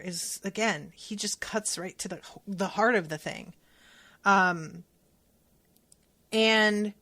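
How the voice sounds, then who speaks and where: Woman podcast host, unhurried, candid book recap with casual swearing. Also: mid-range voice, fairly bright tone. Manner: candid, swears freely while retelling.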